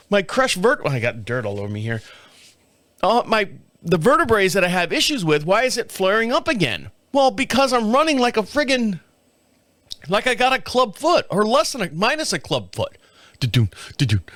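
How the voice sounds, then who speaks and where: A man's voice: high voice, sing-song, moderate pace, fairly bright tone, dry recording. A middle-aged man hosting his own show, telling a rambling story to camera in casual chat and laughing often, recorded in a small home studio. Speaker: podcast host. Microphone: studio mic on camera.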